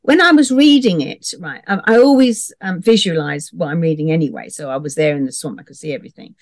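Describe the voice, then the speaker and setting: A woman's voice: low-pitched, fast, dry recording, studio quality. A woman leading a casual book club discussion, inquisitive and prompting the others with questions.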